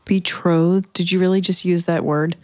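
Teasing low-voiced woman co-host. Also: normal speed, no echo, clean studio sound. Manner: teasing, playful banter. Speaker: podcast co-host. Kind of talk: casual chat.

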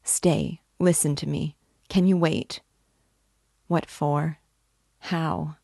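A woman's voice: deep voice, fairly even intonation, drawn-out words, gravelly, mellow, dry recording, clean studio sound, full character voice. A woman reading the part of an emotional young woman torn in love, pleading and breaking off mid-sentence. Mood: impassioned. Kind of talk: dramatic reading of a novel.

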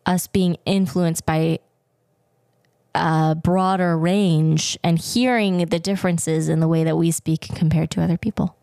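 Playful woman podcast co-host, lowish voice. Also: steady tone, measured pace, creaky, dark tone, no echo, studio quality. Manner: playful, teasing. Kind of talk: casual podcast chat.

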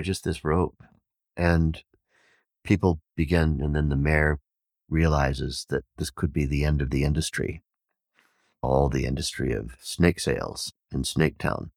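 Very deep gravelly male storyteller. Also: measured pace, dry recording, studio quality. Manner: animated storyteller, acts out villagers' shouts. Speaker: podcast host and teacher. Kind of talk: storytelling talk on Vedic wisdom.

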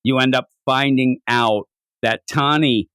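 A man co-hosting a casual podcast chat, animated, often slipping into high put-on voices to act out character lines. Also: measured pace, clean tone, no echo, clean studio sound. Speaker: podcast co-host reviewing an anime.

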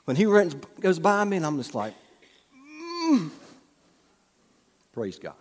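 A man preaching a sermon, telling folksy stories with humorous asides and dropping to a soft hush at times. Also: a little high, big pitch swings, fairly quick. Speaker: pastor. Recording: long hall reverb.

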